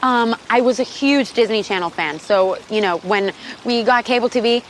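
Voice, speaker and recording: A woman's voice: a little high, normal speed, slight background noise, rough recording. A young woman in her twenties, a singer chatting as an interview guest, bubbly and giggly with lots of fillers, speaking outdoors. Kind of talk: casual interview chat. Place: outdoors in countryside.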